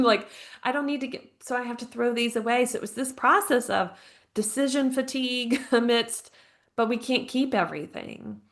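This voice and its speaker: A woman's voice: fairly high pitch, fairly bright tone. A woman in her thirties, a podcast guest and grief counselor telling her personal story in an earnest, reflective way, often saying "like" and laughing lightly. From United States. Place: home, living abroad.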